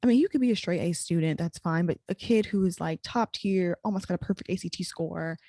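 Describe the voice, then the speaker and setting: A young woman hosting a podcast, her voice sitting a little low. She talks in a quick, chatty stream packed with "like" fillers. The sound is dry and close, with no room echo. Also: warm tone. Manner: rapid, chatty, full of "like" fillers. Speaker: podcast host. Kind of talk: casual chat.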